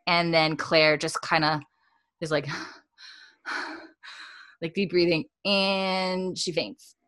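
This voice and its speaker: A woman's voice: lowish voice, pushed and bright, no room sound. A woman casually recapping a TV episode, chatty and rambling, with frequent laughs.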